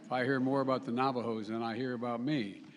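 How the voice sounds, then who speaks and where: An older man giving a formal public speech with folksy asides, often halting and correcting himself mid-sentence. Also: mid-range voice, fairly even intonation. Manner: halting, with frequent restarts and self-corrections. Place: large summit venue. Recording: long reverb of a big hall.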